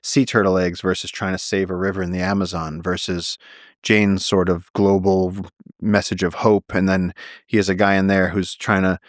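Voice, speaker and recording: A man guest on a podcast, a naturalist telling stories in an animated way, with tumbling phrases and frequent restarts. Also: sits low, normal speed, no echo, clean studio sound. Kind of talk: casual storytelling conversation.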